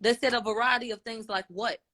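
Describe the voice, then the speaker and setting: A woman's voice: a little high, steady tone, brisk, fairly bright tone. A woman giving a casual, blunt recap of courtroom testimony, voicing both the questions and the answers in turn. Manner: informal, blunt, with slang. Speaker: commentator.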